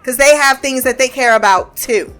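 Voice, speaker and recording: A chatty woman with a slightly high voice walks through a TV episode in a casual recap. She swears freely and acts out the characters' lines, often laughing as she goes. Soft music plays faintly underneath. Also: normal speed. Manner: laughs often while retelling.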